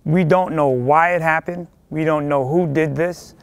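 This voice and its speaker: A man's voice: on the high side, steady tone, measured pace, smooth, no echo. A man reporting a local news story in an earnest, emphatic way.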